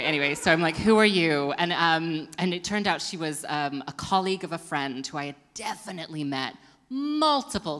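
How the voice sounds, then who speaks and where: A woman's voice: low-pitched, sharp tone, long reverb tail. A woman hosting a live comedy show, rambling and self-mocking, laughing at her own jokes. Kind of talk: stand-up comedy. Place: performance venue with live audience.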